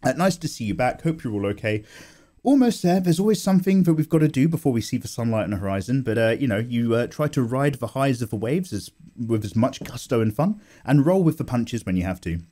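A young man talks through his drawing session in casual chat, his pitch jumping all over as he gets worked up. His tone is soft and mellow rather than sharp. He is self-mocking and quick to swear and laugh, recorded close on a condenser mic at home. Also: animated. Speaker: art YouTuber. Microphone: condenser microphone.

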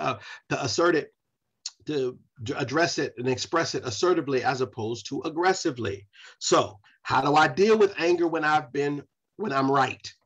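A man's voice: mid-range voice, fairly bright tone, husky. A pastor leading a Bible study, preaching in a repetitive style straight to his congregation. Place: church.

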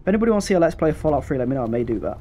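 A young man giving casual let's-play commentary, chatty and slangy with excitable bursts. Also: a little high, racing. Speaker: gameplay commentator.

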